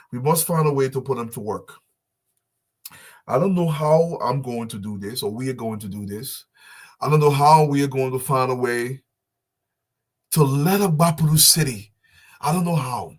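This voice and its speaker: A man's voice: mid-range voice, normal speed, long pauses. Impassioned man pleading publicly. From Liberia. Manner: fervent, pleading, repetitive, swinging from soft to loud. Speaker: diaspora business advocate.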